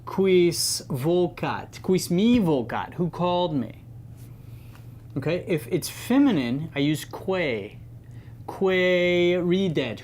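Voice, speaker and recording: A man's voice: fairly high pitch, darkish tone, slight background noise. A man giving an informal Latin grammar lesson, chatty and playful, leaning on the key words. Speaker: Latin teacher.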